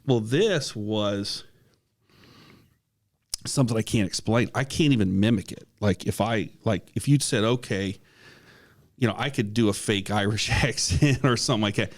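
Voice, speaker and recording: A man's voice: lowish voice, moderate pace. A man co-hosting a podcast, telling a personal ghost story in a casual, earnest way, with many restarts and the odd cough. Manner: coughs now and then. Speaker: podcast co-host.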